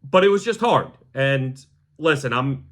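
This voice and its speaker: A young man hosting a podcast, talking to camera in a heartfelt, halting way that sometimes sounds choked up. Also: medium pitch, animated. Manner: repeats the word "gang" to the audience. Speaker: podcast host. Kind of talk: emotional personal monologue to camera.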